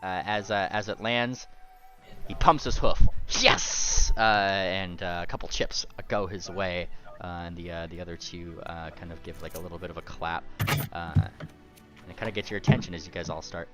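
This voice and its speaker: A man narrating as game master of a tabletop game, rambling and halting with many fillers. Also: deep voice, steady tone, fairly bright tone. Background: music.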